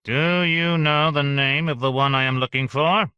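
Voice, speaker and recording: A man's voice: a little high, fairly even intonation, normal speed, clear, resonant tone, no echo, lo-fi sound, voice pushed up, natural voice. A man voicing an unctuous, volatile male official in an audiobook, with an oily, pushy delivery. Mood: scheming. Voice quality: oily, swings to shouting. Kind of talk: audiobook character voice.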